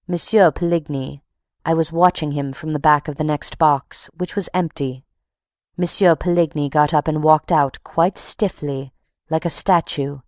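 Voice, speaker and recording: A woman's voice: low-pitched, darkish tone, dry recording, studio quality. A woman voicing an indignant, talkative middle-aged box-keeper who tells her story haughtily. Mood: solemn.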